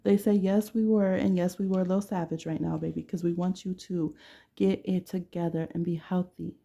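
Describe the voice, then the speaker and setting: A woman's voice: on the low side, steady tone, normal speed, creaky, warm tone. A woman giving a casual tarot reading to camera with a blunt, playful way of talking. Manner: blunt, playful, laughs often. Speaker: tarot reader.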